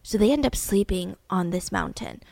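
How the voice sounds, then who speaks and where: A young woman hosting a storytelling podcast, narrating in an animated way and acting out quotes. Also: medium pitch, moderate pace, vocal fry, dry recording. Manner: animated, acts out quotes with laughs. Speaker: podcast host.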